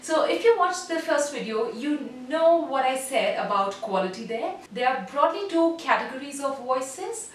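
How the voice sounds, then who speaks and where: A woman giving an online voice lesson as a voice coach, speaking in a measured, instructive way and demonstrating sounds. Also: high-pitched, big pitch swings, a little hiss or hum. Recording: very echoey room, voice heard from a distance.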